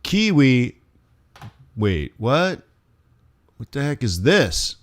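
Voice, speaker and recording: A man teaching forex on a live stream, thinking aloud over charts with playful asides and sudden animated bursts. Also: mid-range voice, very slow. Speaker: forex trading instructor. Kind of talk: live trading stream commentary.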